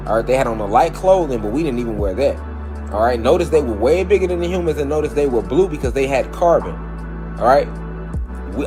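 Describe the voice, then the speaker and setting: A man giving a casual, emphatic spiritual lecture, repeating key phrases and checking in with his listeners. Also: fairly high pitch. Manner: loose, conversational, with frequent swearing. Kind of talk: casual documentary monologue.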